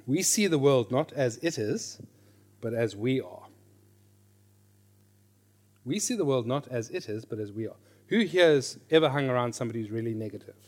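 A middle-aged man teaching a class on reading scripture. He is lively, questions his listeners, and repeats his key phrases. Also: mid-range voice, moderate pace, pauses often. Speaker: Bible teacher.

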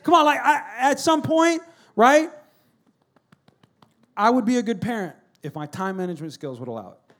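High-voiced guy preaching at church, gets loud then goes quiet and earnest. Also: moderate pace, long pauses. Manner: animated, swings between loud acted shouting and quiet earnest talk. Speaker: pastor. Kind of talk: sermon.

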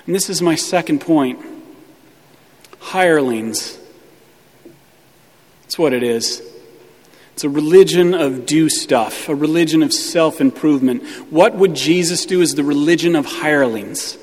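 A man's voice: a little high, a little slow, long pauses, a little mellow, big-room sound. A male pastor preaching a sermon with emphatic, hammering repetition.

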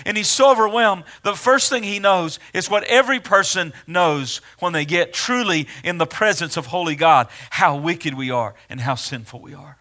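Casting note: male preacher, high bright tenor, earnest sermon delivery. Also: moderate pace, few pauses. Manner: earnest, rising to emphatic when reading scripture aloud.

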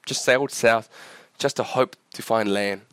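A man's voice: normal speed, a bit bright, smooth, no room sound. A man in his forties, originally from Vietnam, preaching a sermon in a church while sick and coughing, impassioned and often asking the congregation questions. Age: 40s. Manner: impassioned, rising in pitch at climaxes, asks the crowd questions. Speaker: pastor.

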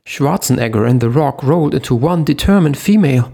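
A male narrator voicing a panicky man who squeals in a high, flustered voice. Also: expressive, brisk, gravelly, dark tone, breathy edge. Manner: shrill, flustered, jokey.

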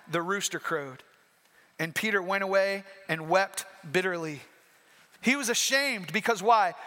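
High, bright-voiced preacher. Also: male voice. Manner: emphatic, repeats key points. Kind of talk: sermon. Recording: reverberant hall.

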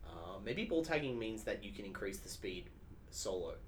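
Low-voiced man explaining calmly. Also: a little hiss or hum. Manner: measured, explanatory, hesitant. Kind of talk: casual chat about games.

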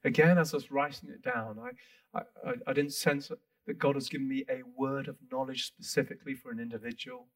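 A man's voice: mid-range voice, big pitch swings, brisk, creaky, far from the mic. A male pastor preaching in a conversational way to his congregation. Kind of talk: sermon.

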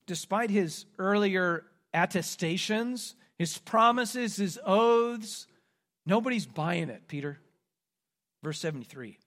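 A male pastor from the Midwest delivers a sermon, walking through a scripture passage verse by verse. He speaks in a fairly high voice and now and then acts out the quoted speakers. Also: animated, slow pace, a bit bright. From American Midwest. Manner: expository preaching, dramatizing quoted lines.

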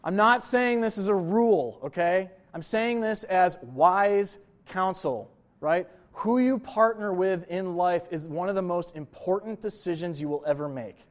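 High-voiced man preaching conversationally. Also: unhurried. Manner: conversational preaching with frequent "right?" and "you know" asides. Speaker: pastor. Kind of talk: sermon.

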